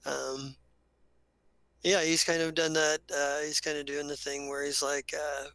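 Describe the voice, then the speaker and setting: Man, game master, higher pitch, bright voice, rambling, dry close sound. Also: level tone, measured pace, clear, resonant tone, no echo, low-quality recording. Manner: rambling, many fillers and restarts. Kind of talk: narrating a tabletop game.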